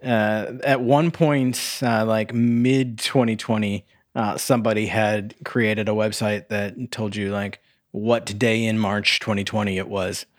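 A man's voice: on the low side, level tone, measured pace, dry recording, clean studio sound. A man co-hosting a podcast in casual chat, rambling with many fillers and restarts. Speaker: podcast co-host.

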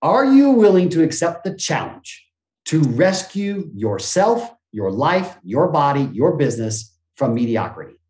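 A man talking as a motivational speaker and business coach on a podcast, energetic, acting out quoted voices and gasps, with some casual swearing. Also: fairly high pitch, measured pace, roomy sound. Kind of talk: energetic conversational interview talk.

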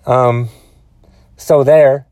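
A man's voice: medium pitch, steady tone, very slow, mellow, no room sound. A man ranting alone into his phone, exasperated and profane, rambling with frequent restarts. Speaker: solo podcaster. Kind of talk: casual rant.

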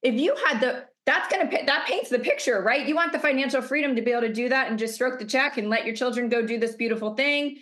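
A woman's voice: fairly high pitch, quick pace, hardly any pauses, fairly bright tone. A middle-aged woman coach giving an emphatic motivational masterclass over a video call, stacking up rhetorical questions. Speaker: business coach.

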